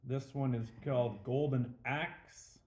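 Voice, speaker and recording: A man's voice: mid-range voice, steady tone, slow, a little mellow. A man hosting a casual beer review show, rambling a little with fillers as he tells a joke, in an echoey room.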